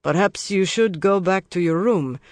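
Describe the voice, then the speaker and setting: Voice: medium pitch, moderate pace, no room sound, voice pushed up, close to an everyday voice. A disapproving male hotel security guard speaks stiffly and formally, as an audiobook narrator does his voice. The sound is dry and close, with no room around it. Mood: stern.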